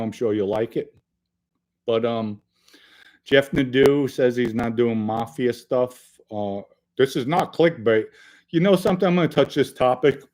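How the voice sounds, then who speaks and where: A middle-aged man hosting a casual live stream, reading chat and joking with viewers in loose talk with sudden loud bursts. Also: mid-range voice.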